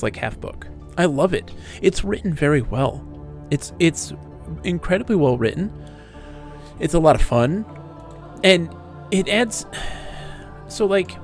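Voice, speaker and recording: Man, live game streamer, gravelly voice, chatty and excitable, faint music behind. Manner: chatty, excitable, greets chat with a high sing-song. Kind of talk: live game-stream commentary and reading aloud.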